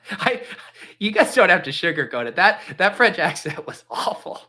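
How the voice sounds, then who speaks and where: A man hosting a live stream, making casual commentary full of jokes and quick exclamations. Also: high voice. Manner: animated, joking, quick exclamations. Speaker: livestream host.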